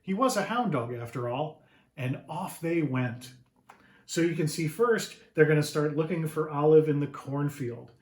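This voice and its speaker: A man reading his picture book aloud to children, animated and often asking the listeners questions. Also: fairly high pitch, unhurried. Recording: roomy echo.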